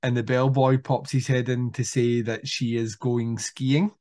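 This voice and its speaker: A man co-hosting a movie podcast, retelling film scenes with lively enthusiasm and frequent swearing. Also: mid-range voice, a little slow. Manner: animated storyteller, swears freely, acts out scenes. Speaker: podcast co-host. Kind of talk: casual movie chat.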